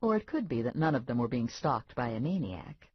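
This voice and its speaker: A woman reading a first-person audiobook with wry, deadpan asides and a pitch that moves around a lot. Her voice is a touch husky, and the recording is dry and dull, lacking crispness. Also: brisk, no room sound. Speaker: audiobook narrator. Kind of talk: first-person scripted narration.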